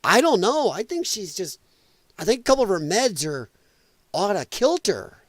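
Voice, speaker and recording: A man's voice: sits high, very animated, normal speed, no echo. A man hosting a casual commentary show, with heavy audible breathing and mocking, laughing asides. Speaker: host.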